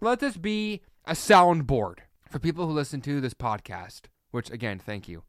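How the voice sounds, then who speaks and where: A man hosting a solo sports podcast, ranting in an animated, sarcastic way and rambling with self-corrections. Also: a little high, smooth, no echo, clean studio sound.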